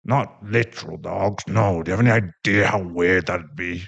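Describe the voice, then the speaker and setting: A man's voice: deep voice, normal speed, vocal fry, a bit bright, husky, muffled recording, pitched below the performer's own voice, exaggerated voice. A man voicing a sheepish werewolf father with dad jokes who rambles in an audio role-play. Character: awkward gentle werewolf dad.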